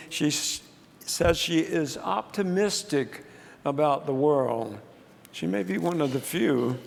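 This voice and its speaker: A man's voice: fairly high pitch, vocal fry. Man preaching in a reverberant church. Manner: storytelling with frequent restarts and fillers. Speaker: pastor. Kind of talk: sermon. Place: church sanctuary.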